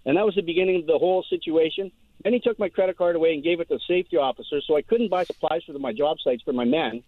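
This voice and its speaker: A man's voice: fairly high pitch, very fast, dry recording. A man calling in to a radio show, telling a rambling, aggrieved story and stumbling over repeated words. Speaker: caller. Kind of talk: phone call-in story. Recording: tinny dry phone line.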